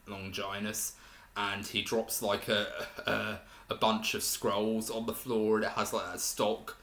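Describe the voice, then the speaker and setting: Young male film reviewer, lowish voice, loose rambling delivery with many fillers, recorded in an echoey room. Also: creaky, pushed and bright. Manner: rambling, hesitant, lots of fillers and restarts. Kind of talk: casual spoken review. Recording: roomy echo in a room.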